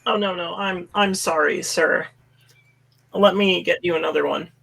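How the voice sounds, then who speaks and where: A man's voice: high-pitched, fairly even intonation, moderate pace, gravelly, bright, forceful tone, slightly rough, exaggerated voice. A man playing a coy, flirtatious adventurer woman.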